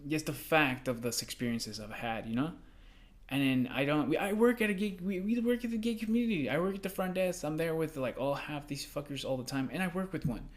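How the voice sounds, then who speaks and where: A young man co-hosting a podcast, telling work stories in a rambling, profane, animated way. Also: a little high, fairly quick. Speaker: podcast co-host. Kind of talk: casual podcast chat.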